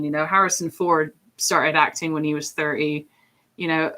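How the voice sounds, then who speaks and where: An English woman in her thirties with a deep, low-set voice, chatting casually on a livestream. She rambles from one thought to the next, with plenty of fillers and laughs along the way. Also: fairly bright tone. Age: 30s. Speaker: streamer and voice actor.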